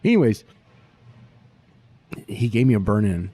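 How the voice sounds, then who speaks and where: A man, a barbecue pitmaster telling stories in a profane, animated way during a casual interview. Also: lowish voice, normal speed, pauses often, husky.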